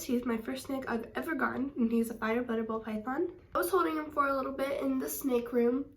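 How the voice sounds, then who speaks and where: A young woman chats to camera, gushing and filling her story with "like" and "um". Her voice sits a little high, and she sounds a bit away from the mic in an echoey room. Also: far from the mic. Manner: chatty and gushing, many "like" and "um" fillers. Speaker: reptile vlogger.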